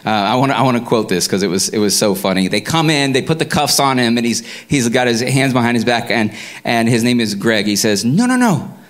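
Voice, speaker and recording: Man preaching, conversational sermon, mid-pitched voice, frequent restarts and fillers, faint hum behind. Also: steady tone, fairly quick, a bit bright. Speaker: pastor.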